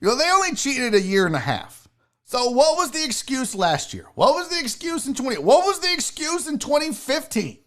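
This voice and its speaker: A man hosting a solo sports talk show, ranting loudly and mockingly with lots of swearing. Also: very high-pitched, sing-song, moderate pace. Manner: loud, mocking, profane ranting.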